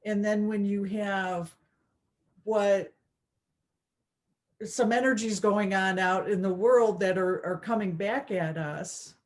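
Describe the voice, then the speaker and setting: Woman cohost rambling along, lots of you-knows, earnest, mid pitch. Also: steady tone, takes it slowly, pauses often. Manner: rambling, many fillers and restarts. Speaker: co-host of a spirituality show. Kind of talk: casual chat.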